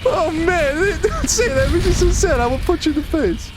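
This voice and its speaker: A man's voice: very high-pitched, animated, moderate pace, noisy background. A man co-hosting a casual gaming chat, teasing his friends and laughing easily. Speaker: co-host.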